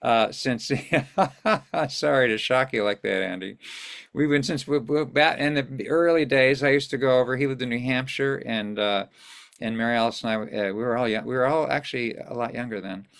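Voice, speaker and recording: A man's voice: medium pitch, creaky, fairly bright tone. An older man hosting an online song series over a video call, greeting viewers in a chatty, rambling way and losing his place now and then. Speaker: host of an online singing series. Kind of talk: casual greetings to a live online audience.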